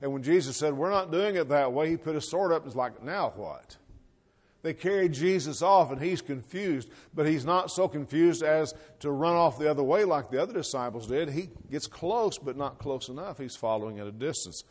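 A man's voice: on the high side, brisk, few pauses, darkish tone. A middle-aged man preaching a sermon, reading scripture and explaining it in a folksy, conversational way with rhetorical questions. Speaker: pastor.

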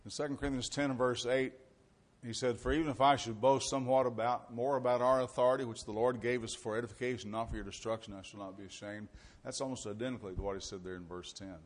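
A man's voice: medium pitch, fairly even intonation, fast. A man preaching a sermon to a congregation, mixing scripture readings with conversational, folksy asides. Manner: reads scripture aloud with rising emphasis.

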